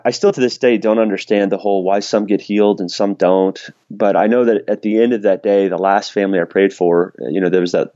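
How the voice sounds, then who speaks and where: Low-voiced man telling a candid story. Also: darkish tone, dry recording, muffled recording. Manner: candid, self-deprecating, laughs often. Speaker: podcast guest. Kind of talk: storytelling in casual conversation.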